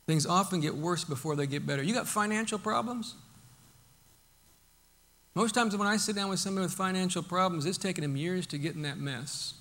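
Male pastor, high-pitched and folksy, preaching conversationally with frequent restarts. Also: fairly quick, bright, forceful tone. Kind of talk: sermon.

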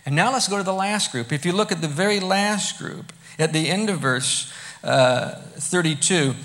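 A man preaching a sermon, emphatic, moving between quiet asides and loud bursts. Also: sits high, moderate pace. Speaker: pastor.

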